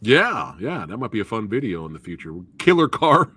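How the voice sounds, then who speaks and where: An excitable man hosts a casual movie review chat, full of slang like dude and bro. His voice swings widely in pitch and sounds bright and forceful. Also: normal speed, breathy edge, no room sound. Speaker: host. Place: live stream, reading chat.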